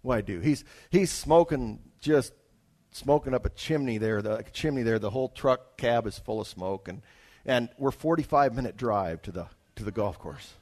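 A man's voice: mid-range voice, animated, moderate pace, a little mellow. A man from Alaska, a traveling evangelist, telling a personal testimony story in a conversational way, with restarts and asides to his listeners. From Alaska, United States.

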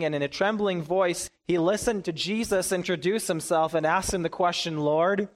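Guy preaching a sermon, kinda high voice, chatty storytelling, does little voices for the characters. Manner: conversational, animated storytelling with quoted voices. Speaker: pastor.

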